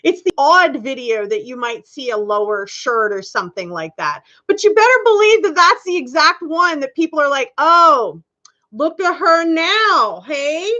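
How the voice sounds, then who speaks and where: A woman's voice: high-pitched, sing-song, normal speed, hardly any pauses, pushed and bright, lo-fi sound. A woman hosting a casual live stream, chatting candidly with viewers and laughing often.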